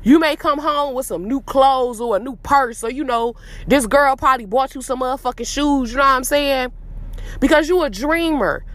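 High-pitched blunt profane woman. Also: normal speed, a bit bright. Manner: blunt, profane, preachy street talk; repeats phrases for emphasis. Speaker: podcast host. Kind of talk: casual monologue.

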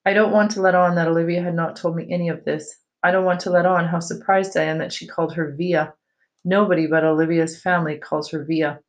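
A reader narrating a novel aloud for a class, in a plain, even storytelling manner. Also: medium pitch, a little fast, poor audio. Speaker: teacher reading aloud.

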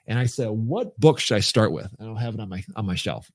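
A man's voice: fairly low pitch, expressive, a little fast, no room sound. Man, middle-aged, earnest, emphatic, restarts often, dry close sound. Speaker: podcast guest. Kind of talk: candid personal storytelling.

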